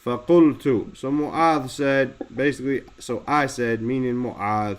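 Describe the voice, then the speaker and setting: A man leads a lesson on a religious text. He explains it word by word and slows down to stress each key term. His voice sits at an ordinary middle pitch. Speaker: teacher.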